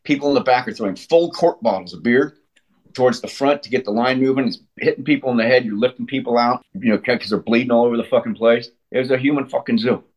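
A middle-aged man, a punk band frontman, talking bluntly and profanely in a casual interview, telling stories with animated emphasis. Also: mid-range voice, fast talker.

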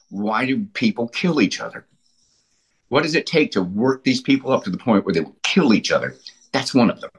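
A middle-aged punk band frontman speaks bluntly and with plenty of profanity in a casual interview, telling stories with animated emphasis. His voice is medium-pitched and husky.

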